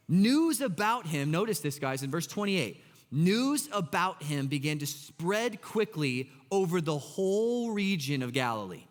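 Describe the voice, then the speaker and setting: Excitable pastor with a lively high voice. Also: male voice, a little slow. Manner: excitable, conversational, talks straight to the congregation. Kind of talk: sermon. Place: church sanctuary. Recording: long church hall reverb.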